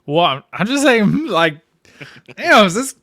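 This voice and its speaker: A man's voice: high-pitched, very animated, measured pace, pushed and bright, no room sound, studio quality. A young man co-hosting a casual podcast, laid-back and joking. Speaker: podcast co-host. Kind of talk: casual chat.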